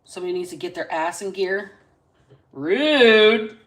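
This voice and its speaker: A woman hosting a casual live-stream reading into a phone, chatty and salty, stretching out single words between quick asides. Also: fairly low pitch, level tone. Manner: chatty, drawls single words then talks fast. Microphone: phone camera.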